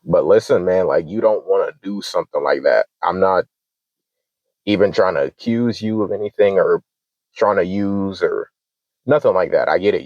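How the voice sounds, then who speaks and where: Brief: deep-voiced guy in his twenties, casual profane rant, lo-fi dry mic. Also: darkish tone, no room sound. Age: 20s. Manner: heated, profane, acts out both sides of arguments. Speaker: channel host.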